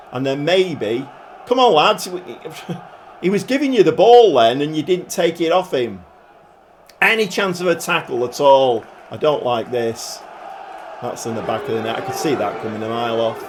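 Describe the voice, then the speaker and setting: A man giving casual, chatty play-by-play commentary on his football management game, with dry humour and swings between glum grumbling and excited cheering. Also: a little high, normal speed, a little hiss or hum. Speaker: gaming YouTuber.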